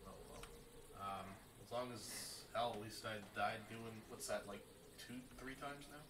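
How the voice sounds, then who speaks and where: A man's voice: fairly low pitch, unhurried, a bit bright. A man playing a groggy young fiancé, just awake. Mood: drowsy. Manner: groggy, drowsy and casual. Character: soft-spoken male fiancé waking from sleep. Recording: roomy, distant and noisy.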